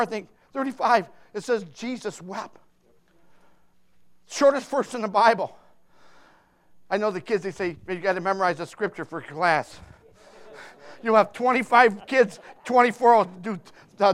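A high-pitched man preaching a sermon in a church. He talks from the heart, repeats himself for emphasis, and swings from loud shouting to a soft hush. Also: fairly even intonation, moderate pace. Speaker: pastor.

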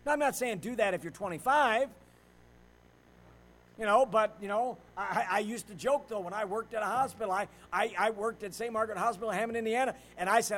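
Middle-aged male pastor, high-pitched; delivers a sermon, loud at times, quiet at others. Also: brisk, low-quality recording. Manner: swings between loud preaching and quiet storytelling.

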